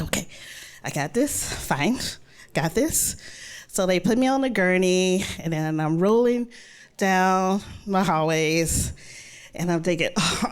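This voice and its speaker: A woman tells a true story on stage in a fairly low, even voice. She keeps breaking into animated, higher-pitched quotes of herself and her friends. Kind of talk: live personal storytelling.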